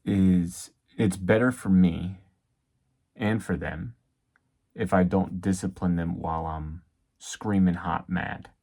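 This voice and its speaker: Thirties father, faith vlogger; lower, gravelly husky voice, reflective and halting delivery. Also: fairly even intonation, dark tone. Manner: reflective, halting with many fillers. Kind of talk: casual devotional talk.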